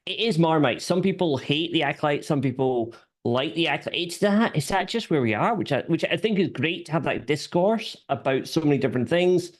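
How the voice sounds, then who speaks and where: A Scottish man with a softened Scottish accent that carries an Irish edge. He chats casually as a guest on a live stream, self-deprecating and playful, and he often restarts his sentences. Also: a little high, lively intonation, brisk, hardly any pauses. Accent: Scottish with an Irish lilt. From Scotland. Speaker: guest panelist, content creator.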